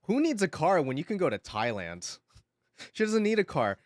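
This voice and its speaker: Animated male streamer chatting casually. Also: a little high, normal speed, dry recording, studio quality. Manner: animated storytelling, swears freely, laughs often. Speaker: livestreamer.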